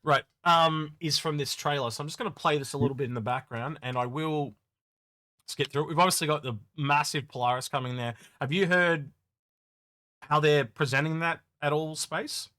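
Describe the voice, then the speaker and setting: A man's voice: a little high, moderate pace, sharp tone, no room sound. A young Australian man hosting a casual gaming chat, chatty and self-deprecating as he talks through a trailer. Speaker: podcast host.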